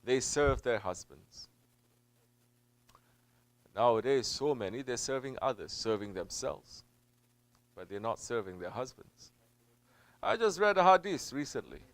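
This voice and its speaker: A man, a Sufi teacher, preaching a sermon in an emphatic way. He drops to low murmurs, then builds to loud, stressed peaks, and he repeats phrases for weight. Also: big pitch swings, normal speed, no room sound. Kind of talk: sermon answering a question.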